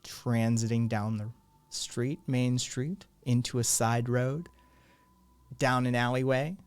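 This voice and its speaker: A man narrating as game master in a measured, unhurried way. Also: medium pitch, fairly even intonation, darkish tone, clean tone, no echo.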